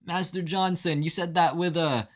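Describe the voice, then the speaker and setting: A man putting on a prim, high, fussy sidekick. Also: steady tone, moderate pace, natural voice. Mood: pedantic. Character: pedantic young male sidekick correcting spelling.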